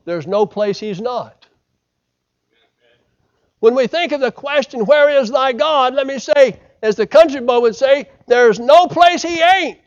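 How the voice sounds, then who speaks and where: High-voiced preacher, dull lo-fi sound. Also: male voice. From United States. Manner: dramatic swings from loud to hushed, acting out quotes. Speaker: pastor. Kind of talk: sermon.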